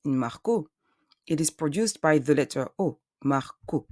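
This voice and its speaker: A woman's voice: low-pitched, expressive, normal speed, dark tone, no echo, studio quality. A woman teaching French pronunciation, patient and methodical, sounding out each syllable and explaining step by step. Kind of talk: slow, careful pronunciation lesson.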